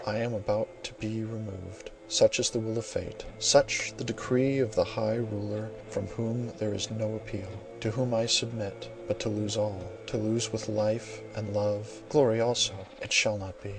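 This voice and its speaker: A man's voice: on the low side, fairly even intonation, normal speed, gravelly, few pauses, rough recording. A man reading aloud who voices a proud, fiery general, raging and vowing in grand, declamatory oaths. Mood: grandiose despair.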